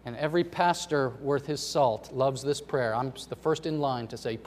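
Pastor's sermon in a reverberant hall. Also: male voice, medium pitch, moderate pace, hardly any pauses, slight background noise. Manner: storytelling, swings from loud emphasis to soft asides.

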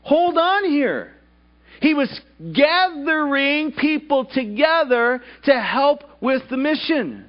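Animated high-voiced male preacher, lo-fi. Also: takes it slowly. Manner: asks the congregation rhetorical questions. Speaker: pastor. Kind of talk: sermon. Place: church service.

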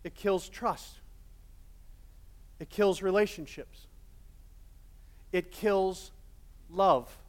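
Animated high-voiced male pastor. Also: very slow, pauses often. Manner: casual, animated, many fillers. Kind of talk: sermon storytelling.

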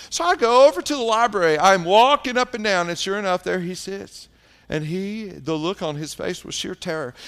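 A man preaching a sermon, telling a story with lively swings between loud and hushed tones. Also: sits high. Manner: animated storyteller, drops to hushed tones for emphasis. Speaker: pastor.

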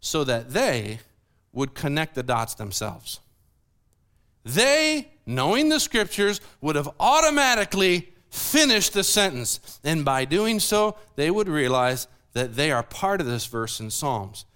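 A man's voice: on the high side, unhurried, smooth. A man preaching a sermon, explaining scripture and putting questions to the congregation. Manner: animated, asks the audience questions.

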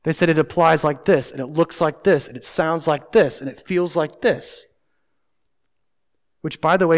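High-voiced man preaching emphatically. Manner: emphatic, swings between loud and hushed delivery; talks to the congregation with rhetorical questions. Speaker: pastor. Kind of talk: sermon.

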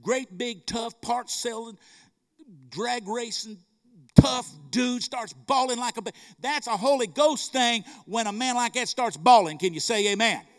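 A middle-aged man with a drawl delivers a sermon. His voice sits high for a man, and his fervent storytelling keeps turning into calls to the congregation. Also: unhurried. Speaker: preacher.

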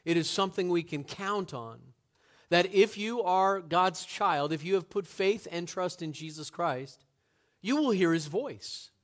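A man's voice: sits high, a little slow. Earnest male pastor preaching a sermon. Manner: earnest, rising to emphatic peaks, rhetorical questions.

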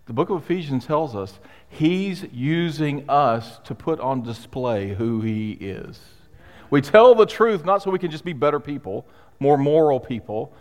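A male pastor preaching a sermon in a conversational, emphatic way, with pauses for weight. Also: fairly high pitch, animated. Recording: long hall reverb.

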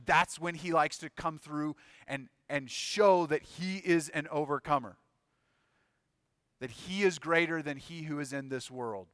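A pastor delivers a sermon in a bright, forceful voice that sits a little high for a man. He acts out biblical figures with dramatic swings in intensity. The sound is close and dry. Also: smooth, no room sound.

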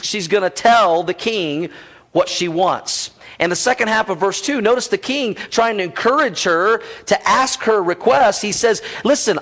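A man's voice: sits high, a bit bright. A male pastor giving a conversational, joking sermon in a teacherly way.

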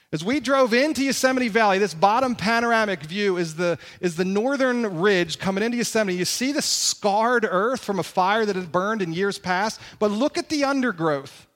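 A man's voice: sits high, a bit bright. A man preaching a conversational sermon as pastor, with emphatic repetition and rhetorical questions. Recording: long hall reverb.

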